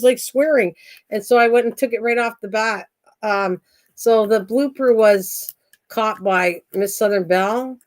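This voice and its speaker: A woman's voice: fairly high pitch, normal speed. An older woman hosting a craft channel on a live stream at home, chatting in a rambling, self-mocking way and laughing easily.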